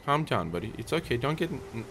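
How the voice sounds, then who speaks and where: A man hosting a gaming channel, chatting through a let's play, talking to viewers and soothing his in-game dog, and shouting when startled. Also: mid-range voice, sing-song, brisk, slight background noise. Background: game music.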